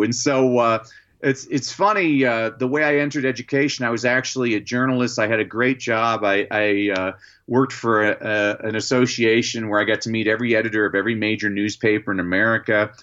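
A man being interviewed as an educator and motivational speaker, telling lively stories with many "uh" fillers. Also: mid-range voice, brisk, lo-fi sound. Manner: lively anecdotes, frequent "uh" fillers. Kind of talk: storytelling in a podcast interview.

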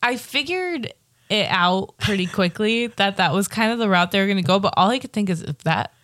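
A woman co-hosting a podcast, chatting casually about a movie she just saw, relaxed and rambling with many fillers. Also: medium pitch, brisk, no room sound, studio quality. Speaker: podcast co-host. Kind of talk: casual movie review chat.

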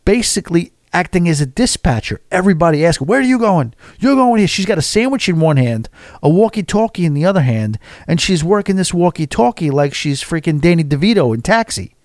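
Man, casual storytelling, chatty and animated, slightly higher voice, dry close sound. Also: fairly quick, no room sound. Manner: animated, chatty, acts out quotes. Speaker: vlogger.

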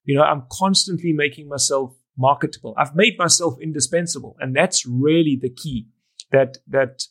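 His voice a little high and slightly rough, this middle-aged wedding photographer and educator keeps a moderate pace while storytelling in a podcast interview. He's animated, reenacts recalled conversations, and restarts often.

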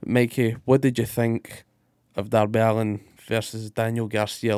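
A man's voice: on the low side, level tone, normal speed, darkish tone, dry recording. A man, co-hosting a casual podcast and rambling with sweary enthusiasm. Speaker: podcast co-host. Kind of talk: casual wrestling podcast chat.

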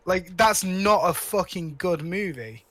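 A man's voice: high voice, animated, unhurried, sharp tone. A man co-hosting a podcast, rambling casually about films with lots of restarts and cheerful swearing. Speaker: podcast co-host. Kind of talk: casual chat.

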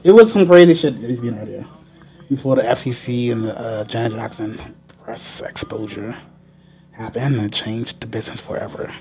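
A man's voice: mid-range voice, normal speed, a little mellow. A man, co-hosting a casual podcast chat, rambling with lots of fillers and casual swearing. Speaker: podcast co-host.

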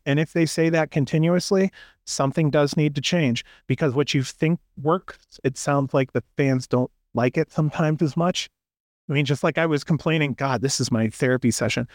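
A man's voice: on the high side, moderate pace, no room sound, clean studio sound. Opinionated man ranting on a podcast. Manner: opinionated, rambling, acts out quotes. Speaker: podcast co-host. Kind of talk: casual podcast chat.

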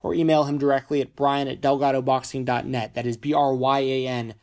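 A man's voice: mid-range voice, level tone, fairly quick, darkish tone. A man hosting a podcast, reading sponsor plugs in a chatty, casual way, stumbling over his words as his voice gives out. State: losing his voice. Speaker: podcast host.

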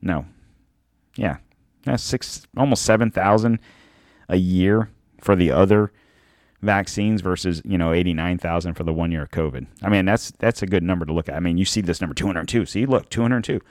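A man with a deep, low voice hosts his podcast in a loose, sarcastic monologue and leans hard on the points he wants to land. The sound is dry and close, with no room echo at all. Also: normal speed, a little mellow. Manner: sarcastic, emphatic, laughs at his own points. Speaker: podcast host. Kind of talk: casual monologue.

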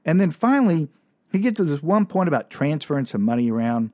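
A man's voice: fairly high pitch, sing-song, a little fast, darkish tone, no room sound, clean studio sound. A man telling a comic personal story in a casual, slangy, wry way.

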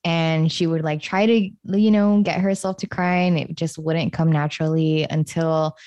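A woman hosting her own podcast, speaking in a reflective, unhurried way with gentle stresses. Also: sits low, steady tone, dry recording. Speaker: podcast host. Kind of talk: solo podcast monologue.

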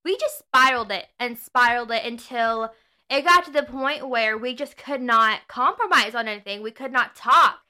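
Bright high-voiced woman hosting a podcast. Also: moderate pace, smooth. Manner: earnest, preachy, with self-corrections. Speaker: podcast host. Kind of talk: casual faith podcast talk.

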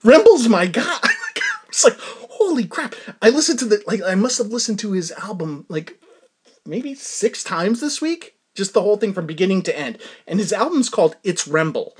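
A man hosting a casual music reaction, excitable and laughing often as he tells stories. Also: sits high, normal speed, husky.

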